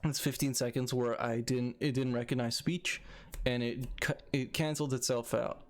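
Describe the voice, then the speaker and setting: A man's voice: medium pitch, fairly even intonation, normal speed. A young man casually talking through his coding project, thinking aloud with frequent restarts. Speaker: video creator.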